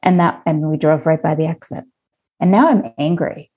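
A woman in her fifties telling a personal story in casual conversation, lively and acting out her own past thoughts. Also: low voice, moderate pace, breathy edge, highs cut off. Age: 50s.

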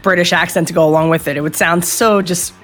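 A woman's voice: lowish voice, steady tone, fast, fairly bright tone, soft background music. A woman co-hosting a podcast, giving blunt, opinionated takes and swearing freely. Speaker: podcast co-host. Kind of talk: casual podcast chat.

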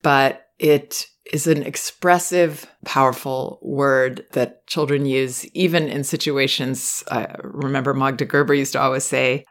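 A woman hosting a parenting podcast, giving advice to a listener in a measured, reflective way and often drawing out her words. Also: very deep voice, fairly even intonation.

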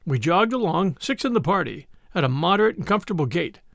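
A male audiobook narrator reads a classic adventure with expressive, dramatic phrasing. His high voice carries a gravelly edge and moves lively in pitch. The recording sounds dry and close. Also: quick pace, no room sound. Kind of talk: scripted storybook narration.

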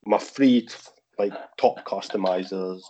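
A man's voice: fairly low pitch, slow, warm tone, dull audio, a little hiss or hum. A Scottish man, a guest on a podcast, chatting casually in a rambling way with frequent restarts. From Scotland. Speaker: guest, figure customizer.

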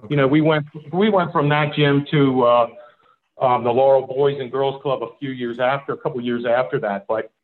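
A man guest in a casual interview, relaxed and halting, with many fillers. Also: medium pitch. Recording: tinny phone-like line.

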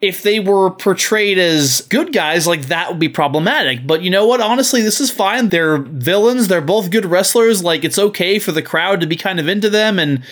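A man co-hosting a podcast, blunt and animated in casual chat, laughing often. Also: high-pitched, normal speed, few pauses. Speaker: podcast co-host.

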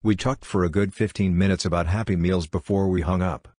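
Deep-voiced man narrating spooky stories. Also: fairly even intonation, brisk, a little mellow, dry recording, clean studio sound. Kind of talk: scripted narration of ghost stories.

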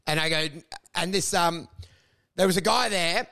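A man's voice: high-pitched, normal speed, vocal fry, pushed and bright. A young man, a stand-up comedian co-hosting a podcast, telling crude stories full of swearing and mocking voices. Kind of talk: casual comedic chat.

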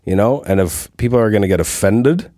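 Mellow-voiced man in relaxed podcast chat. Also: on the low side, brisk, no echo, clean studio sound. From half Cypriot, half Filipino. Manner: relaxed, rambling, wheezing laugh. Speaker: voice actor guest.

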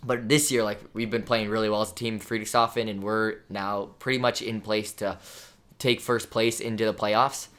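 A man's voice: fairly low pitch, level tone, normal speed, a bit bright. A young man, a pro volleyball player, co-hosting a podcast in rambling casual chat. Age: young adult. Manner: rambling, lots of "dude" and "like".

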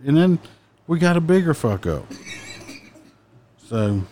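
A man's voice: a little high, big pitch swings, slow, a little hiss or hum. A man who used to be a police officer tells his work stories in casual chat, blunt and profane. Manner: blunt, profane, mimics people loudly.

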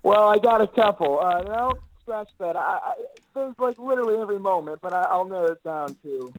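A man's voice: high voice, animated, fairly quick, dry recording, low-quality recording. A man being interviewed as an actor guest, talking in an easygoing, rambling way with lots of filler words. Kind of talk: casual interview chat.

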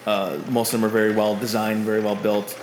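A man's voice: on the low side, flat delivery, brisk. A man narrating as game master, rambling and hesitant as he describes the scene. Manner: rambling, hesitant, with many fillers and restarts. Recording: roomy echo with faint noise.

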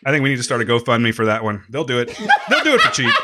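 A man's voice: mid-range voice, huge pitch swings, rapid-fire, very noisy. A man co-hosting a podcast, easygoing and chatty in casual conversation. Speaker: podcast co-host. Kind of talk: casual chat.

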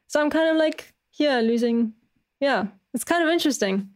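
A chatty South African woman hosting a podcast, with a slightly raised pitch. She grew up speaking German, and she talks in a loose, self-deprecating way. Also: lively intonation, normal speed. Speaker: podcast host. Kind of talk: casual chat.

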